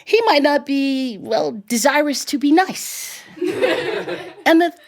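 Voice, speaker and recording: Brief: lively woman storyteller, high voice, chuckles as she tells it. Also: slow pace. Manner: animated, chuckles between lines. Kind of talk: live storytelling. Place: recording studio.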